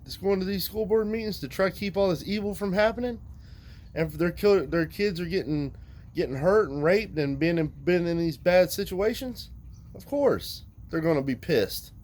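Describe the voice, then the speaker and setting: A man's voice: fairly high pitch, a little mellow, low-quality recording. A man, speaking bluntly and profanely as he rants straight at his viewers. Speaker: vlogger. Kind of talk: casual ranting monologue to viewers.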